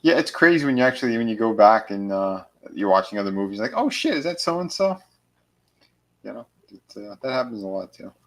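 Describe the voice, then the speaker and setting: A man's voice: fairly low pitch, very animated, a little fast. A man co-hosting a casual movie podcast, crude and wisecracking. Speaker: podcast co-host.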